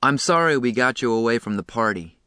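A man's voice: medium pitch, animated, fairly quick, bright, forceful tone, clean tone, no echo, clean studio sound. Man reading as a jittery teenage boy. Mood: urgent. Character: nervous teenage boy on the run.

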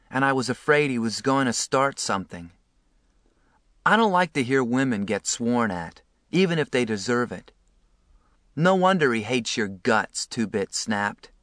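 Man reading a novel, very slow. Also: medium pitch, a bit bright, no echo, clean studio sound. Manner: measured, earnest, unhurried. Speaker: narrator. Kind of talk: audiobook reading.

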